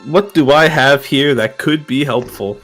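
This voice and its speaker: A man's voice: medium pitch, measured pace, fairly bright tone, faint music behind. A young man playing in a tabletop game, talking hesitantly and laughing at himself. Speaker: player. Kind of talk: casual tabletop game chat.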